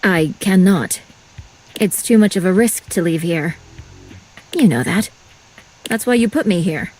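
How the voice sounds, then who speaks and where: A woman voicing a reserved, formal female object character in a video game, speaking in a stiff, measured way. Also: fairly low pitch, animated, a little mellow, a little hiss or hum. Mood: stern. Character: reserved, formal female household object who prizes solitude.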